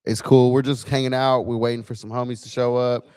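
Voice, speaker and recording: A man's voice: medium pitch, little pitch movement, a little fast, a little mellow, smooth. A man hosting a casual livestream from a bar lounge, chatty and laid-back, testing his gear as he talks. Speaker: livestream host.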